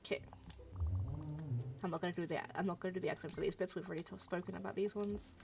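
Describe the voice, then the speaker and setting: Chatty woman streamer with a gravelly edge. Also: on the low side, fairly even intonation, quick pace, background noise. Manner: chatty, musing, frequent ums. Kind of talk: casual let's-play commentary.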